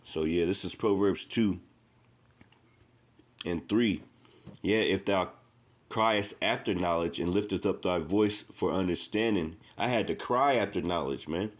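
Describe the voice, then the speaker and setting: A man's voice: sits low, unhurried, long pauses. A man preaching informally and with passion, repeating himself, reading scripture aloud between his own words. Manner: impassioned, repetitive, says "man" often. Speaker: street preacher.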